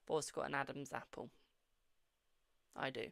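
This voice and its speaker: A man's voice: medium pitch, flat delivery, moderate pace, vocal fry, fairly bright tone, dry recording. A British man hosting a live-stream tarot reading, affectionate and repetitive, who keeps calling viewers "my darling". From United Kingdom. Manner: affectionate, repeats phrases, calls viewers "my darling" and "boo".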